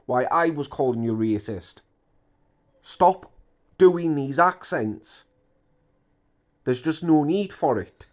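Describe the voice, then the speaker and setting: A man's voice: fairly high pitch, animated, slow, long pauses. A man delivers heated commentary on internet drama in a slightly raised register. He hammers his points with repetition and indignant emphasis. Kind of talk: ranting commentary.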